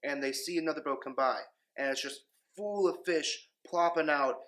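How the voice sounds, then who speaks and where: A young man, a grandchild, telling a joke to the camera in a relaxed storytelling way. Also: on the high side, normal speed.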